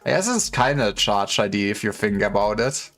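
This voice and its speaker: A man's voice: fairly low pitch, very animated, brisk, fairly bright tone. A man streaming a game, rambling casually and thinking aloud with restarts as he plays. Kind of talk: casual gaming commentary. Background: faint game music.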